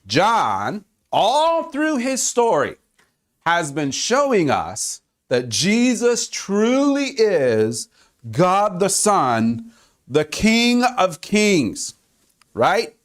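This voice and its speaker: A man preaching a sermon, swinging between loud exclamations and hushed, quiet stretches. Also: high voice. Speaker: pastor.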